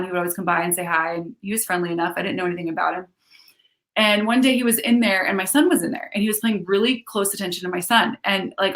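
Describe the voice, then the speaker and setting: A woman chats on a live stream in a loose, unscripted way. She is frank and swears freely. She wanders through her points like a storyteller who keeps adding asides, at an ordinary middle pitch. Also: fairly bright tone. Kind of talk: casual live-streamed talk.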